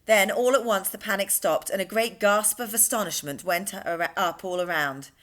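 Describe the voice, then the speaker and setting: A woman reading a children's book aloud at storytime, an expressive storyteller. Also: medium pitch, normal speed. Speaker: storytime reader.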